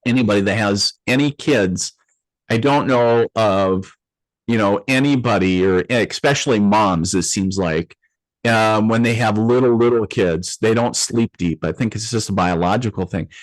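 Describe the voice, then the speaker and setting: A man being interviewed, telling a personal story in a loose, animated way with many fillers and restarts, acting out the voices he quotes. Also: lowish voice, moderate pace, no echo, rough recording. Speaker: interview guest, medium.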